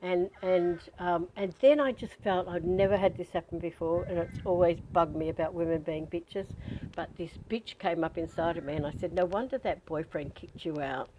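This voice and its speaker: Speaking at normal speed with a steady tone and fairly low pitch, a woman runs a spiritual training session. The lo-fi recording has a little hiss or hum, and as a spiritual teacher she chats candidly through personal stories while prompting her listeners to breathe.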